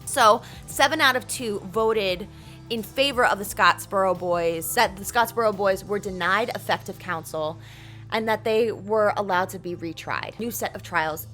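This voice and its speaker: A woman's voice: medium pitch, moderate pace, faint music behind. A woman hosting a history show, telling the story casually and animatedly, swearing freely and acting out what people said. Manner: animated, swears casually, acts out quotes in funny voices. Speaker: host.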